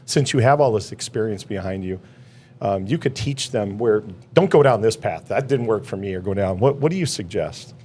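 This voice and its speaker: Lively storytelling Midwestern man host. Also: lowish voice, normal speed, husky. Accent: Upper Midwest American. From Michigan. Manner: storytelling, playful. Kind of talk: casual interview chat.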